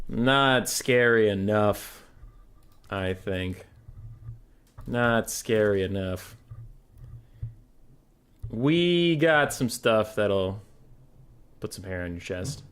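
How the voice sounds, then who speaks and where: A man streaming a strategy game, chatting casually and brashly with his viewers, swearing freely and reacting out loud. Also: on the low side, extremely slow, long pauses, clear, resonant tone. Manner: brash, swearing, animated, talks to chat. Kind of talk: casual gaming stream chat.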